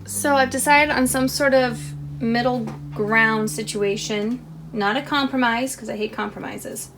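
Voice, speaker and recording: A crochet vlogger with a slightly high, fairly even voice talks to herself unhurriedly while crocheting a toy, against a noisy background. The young woman is chatty and self-deprecating, laughing at her own mistakes.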